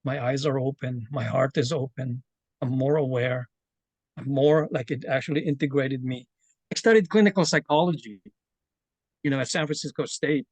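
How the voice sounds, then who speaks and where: A man from the Philippines with a Filipino accent, sharing a personal story in an online session, earnest and halting with many fillers and restarts. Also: medium pitch, a little mellow, no echo. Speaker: community member sharing his story. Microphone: video call.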